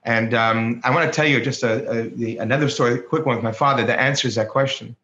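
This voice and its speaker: A man's voice: medium pitch, quick pace. A man, a rabbi co-hosting, telling stories in casual conversation with many restarts, acting out the voices of the people in them. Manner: animated, acts out quoted voices, many restarts. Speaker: rabbi, co-host. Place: home, speaking remotely. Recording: roomy, dull lo-fi call audio.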